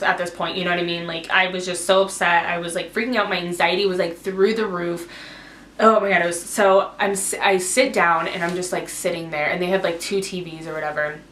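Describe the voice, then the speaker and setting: A young woman rambles through an emotional storytime, her voice sitting a little low for a woman and filled with "like". She talks in an echoey indoor room. There is a faint hiss of noise underneath. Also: fairly bright tone. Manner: rambling, emotional retelling full of "like". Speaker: vlogger. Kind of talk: casual storytime.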